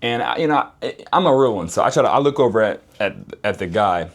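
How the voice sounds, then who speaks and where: Animated man telling a slangy story. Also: fairly low pitch, fast. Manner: animated, slangy, repeats phrases for emphasis. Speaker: vlogger. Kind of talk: casual storytelling monologue.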